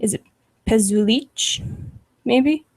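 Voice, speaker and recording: A woman's voice: fairly high pitch, slow, a little mellow. A young woman hosting a casual livestream, reading chat comments aloud with sarcastic, profane asides and frequent laughs.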